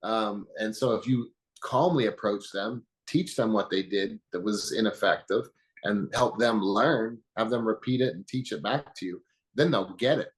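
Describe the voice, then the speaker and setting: A man speaking as an interview guest, calmly explaining in a teaching manner with examples. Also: on the low side, moderate pace, poor audio. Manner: calm, teaching, uses metaphors and quoted examples. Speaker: guest, anger management expert.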